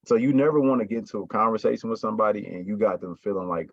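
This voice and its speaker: A man's voice: lowish voice, steady tone, very fast, gravelly, hardly any pauses, no room sound. Emphatic male sales coach, muffled audio. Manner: emphatic, repeats "right?" and "you got me?". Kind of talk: casual coaching talk to a team.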